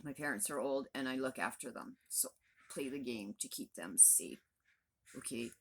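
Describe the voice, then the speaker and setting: A woman's voice: a bass voice, moderate pace, husky. A woman in her fifties, a vlogger, venting to the camera in a blunt, profane, exasperated rant. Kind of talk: angry direct-to-camera rant.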